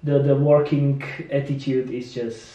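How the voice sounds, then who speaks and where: A woman hosting a casual interview, speaking as a with halting phrasing and frequent giggles. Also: a bass voice, fairly even intonation, warm tone, highs cut off. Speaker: podcast host. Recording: echoey room from far off.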